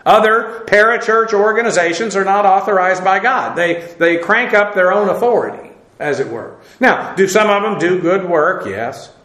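A man's voice: high-pitched, animated, normal speed, few pauses, bright, forceful tone, roomy sound, poor audio. A man teaching a verse-by-verse Bible lesson, explaining at length with many filler uhs and restarts.

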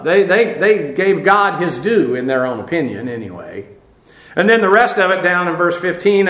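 A man teaching a verse-by-verse Bible study, spelling out Greek words letter by letter with many pauses. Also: a little high, fairly bright tone. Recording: echoey room.

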